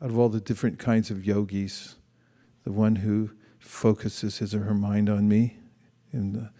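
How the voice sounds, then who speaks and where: A man with a low, mellow voice gives a relaxed, conversational sermon, stopping to read scripture aloud and reflect on it. His voice rings out with a long reverb, as if in a large hall. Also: moderate pace. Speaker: speaker giving a scripture class.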